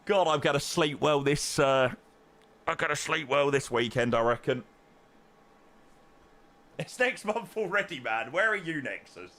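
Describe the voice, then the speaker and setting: A man's voice: on the high side, expressive, a little slow, long pauses, pushed and bright. A young man hosting a flight simulator live stream, effusively thanking viewers by name in casual chat.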